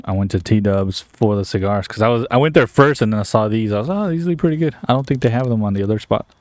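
A man's voice: fairly low pitch, fast talker, darkish tone, no echo. Laid-back swearing guy. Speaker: podcast co-host. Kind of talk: casual chat over beers and cigars.

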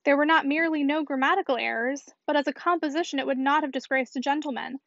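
Woman narrator, even measured reading, high pitch, muffled lo-fi sound. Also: creaky, dry recording. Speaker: audiobook narrator. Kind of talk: scripted narration. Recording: dull, dry lo-fi recording.

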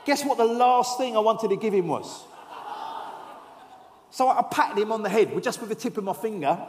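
A man in his forties delivers a sermon in a fairly high voice. He mixes humorous storytelling with soft, earnest passages. The sound rings out in an echoey hall. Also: expressive, normal speed, slight background noise. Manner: storytelling with humour, dropping to soft earnest tones. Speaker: preacher.

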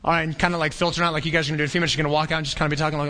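A man preaching a sermon as pastor in a conversational, animated way, sometimes acting out the voices of a crowd. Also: on the high side, very fast. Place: church hall. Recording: long hall reverb.

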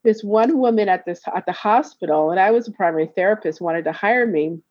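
A woman's voice: medium pitch, brisk, a little mellow, no echo. A woman who works as a therapist and healer, telling a personal story in casual conversation, acting out the voices she quotes and laughing often. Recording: dull, slightly lo-fi dry recording.

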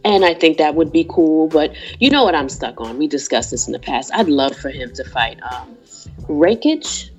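A woman co-hosting a casual chat, lively and animated, talking through her opinions with lots of asides. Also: deep voice, moderate pace, few pauses. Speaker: podcast co-host. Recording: dull lo-fi sound with faint music.

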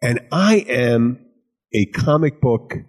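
A man with a Philadelphia accent hosts a loose, casual chat, rambling from one joke to the next. He swears freely and keeps an easy, joking tone. His voice sits at an ordinary middle pitch. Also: lively intonation, slow. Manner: profane, rambling, jokey. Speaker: host.

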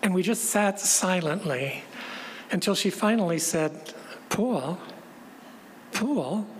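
Woman preaching in a reverberant hall. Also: fairly low pitch. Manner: reflective and measured, repeating phrases. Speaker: pastor. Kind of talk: sermon. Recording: long reverb, faint background noise.

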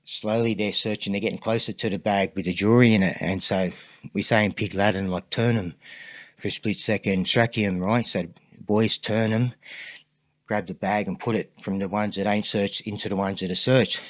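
A man's voice: lowish voice, fairly even intonation, moderate pace, no room sound. A man with an Australian accent, a podcast guest telling a long story in a rambling way, full of fillers. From Sydney, Australia. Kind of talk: casual storytelling interview.

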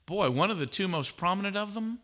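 A man speaking as a guest at a conference, telling a story in an animated way. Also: high voice, brisk. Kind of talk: conference talk. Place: conference stage.

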